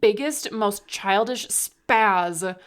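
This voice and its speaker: A woman's voice: medium pitch, drawn-out words, clean tone. A woman co-hosting a podcast in casual chat, telling stories in a rambling way with lots of "like" and laughing mid-sentence. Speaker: podcast co-host.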